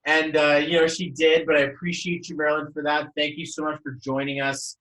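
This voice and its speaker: Male coach, upbeat host on a video call, a touch high-pitched, rambling and effusive. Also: level tone, brisk, a bit bright, echoey room, low-quality recording. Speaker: numerology coach hosting a group call. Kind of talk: casual group video call.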